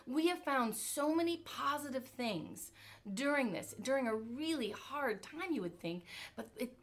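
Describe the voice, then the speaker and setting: Energetic woman giving a motivational talk. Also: sits high, a little slow. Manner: energetic, repeats rhetorical questions. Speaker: motivational speaker. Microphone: virtual event talk.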